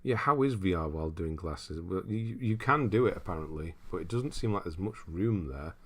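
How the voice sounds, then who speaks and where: A man's voice: low-pitched, animated, normal speed. A man streaming games and chatting casually as he reads viewer comments, rambling and laughing often. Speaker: streamer host. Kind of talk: casual livestream chat reading viewer comments.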